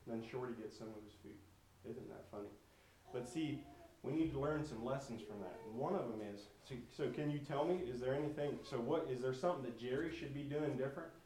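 A man's voice: medium pitch, brisk, warm tone, reverberant, distant mic, rough recording. Man telling children a folksy animal story. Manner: asks the listeners questions and imitates animal sounds. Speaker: storyteller teaching children a lesson.

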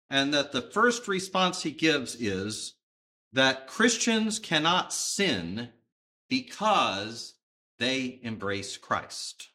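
A male preacher delivers a sermon in a conversational yet emphatic way, pausing to think. His pitch moves widely and his tone is bright and forceful.

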